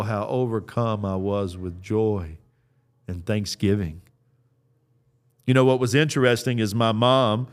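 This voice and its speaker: Earnest man preaching a conversational sermon. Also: fairly low pitch. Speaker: pastor.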